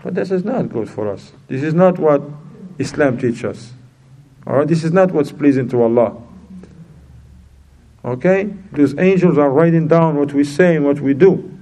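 A man preaching a sermon in a lively way, mixing in Arabic terms and acting out quoted speakers with sudden high jumps in pitch. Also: moderate pace, pauses often, a little hiss or hum. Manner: non-native phrasing, mixes in Arabic terms.

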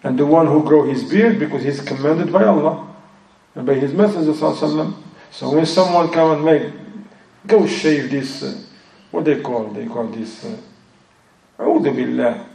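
A man's voice: on the high side, quick pace, gravelly, darkish tone, far from the mic. Man teaching religion in an echoey room. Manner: mixes Arabic phrases and recitation into English teaching; non-native English grammar. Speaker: Islamic teacher. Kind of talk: religious lesson explaining a text.

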